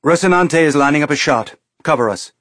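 A man's voice: a little high, brisk, fairly bright tone, dry recording, clean studio sound, voice pushed up. A man voicing a decisive woman starship commander who gives clipped orders. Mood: tense.

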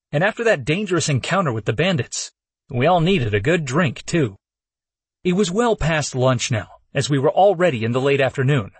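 A man's voice: medium pitch, slightly rough, no echo. A man narrating a first-person fantasy audiobook in a casual, wry way.

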